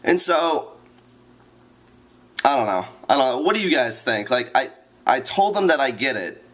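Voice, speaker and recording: A man's voice: mid-range voice, sing-song, fairly quick, fairly bright tone. A man ranting to his viewers in a vlog, rambling and exasperated, repeating himself as he vents. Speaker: vlogger.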